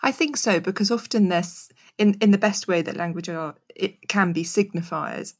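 A woman in her forties hosting an interview, talking in a slow, thoughtful, musing way. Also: lowish voice. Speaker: host. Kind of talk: conversational interview.

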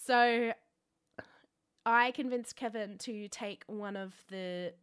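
A young Australian woman with a bright, ringing tone tells a story about herself on a podcast. She mocks herself freely, swears casually, and keeps the chat loose and unscripted. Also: medium pitch, takes it slowly, clean tone. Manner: self-mocking, laughs often, swears freely. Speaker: podcast co-host.

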